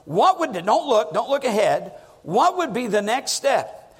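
A man preaching a sermon with strong emphasis, climbing on key words and dropping low to drive points home. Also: sing-song, unhurried, breathy edge. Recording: long reverb of a large hall.

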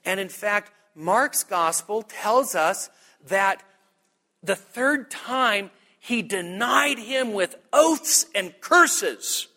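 A man preaching a sermon, animated and joking, with a high, bright, ringing voice. He talks slowly and deliberately, and the long reverb of a church hall trails after each phrase. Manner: animated, humorous, rising to high emphatic peaks. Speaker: pastor. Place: church sanctuary.

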